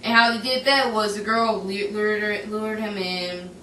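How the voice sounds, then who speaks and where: A woman's voice: medium pitch, steady tone, normal speed, bright, forceful tone. A young woman giving a casual, rambling movie review, giggly and full of fillers and restarts. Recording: echoey room, voice from a distance, faint background noise.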